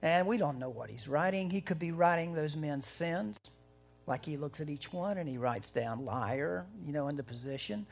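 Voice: medium pitch, animated, normal speed, gravelly. Pastor preaching in a conversational, swinging style. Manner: conversational, swings between loud and hushed. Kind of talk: sermon.

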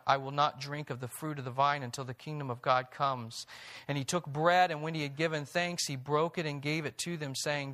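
A man preaching a sermon, reading scripture aloud and rising in pitch and volume on emphatic points. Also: pushed and bright. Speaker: pastor.

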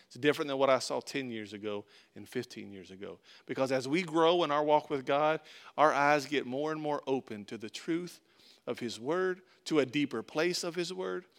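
A man preaching a sermon, moving from soft, hushed appeals to loud, ringing passages and repeating words as he builds a point. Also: medium pitch, normal speed. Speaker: pastor.

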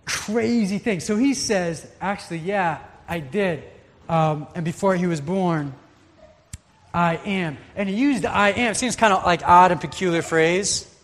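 Earnest pastor preaching in a reverberant hall. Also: male voice, sits high, a little slow. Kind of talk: sermon.

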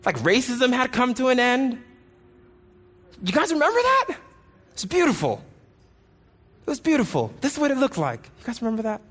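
A man preaching a sermon with passion, pleading loudly at times and then dropping his voice low. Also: sing-song, brisk, breathy edge. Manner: impassioned, rising to pleading shouts and dropping low.

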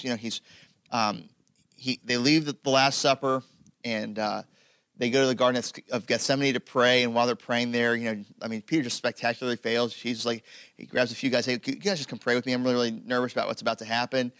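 A man's voice: medium pitch, fairly bright tone, no echo. A man preaching a sermon in a conversational way, with many fillers, building toward emphatic points. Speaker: pastor.

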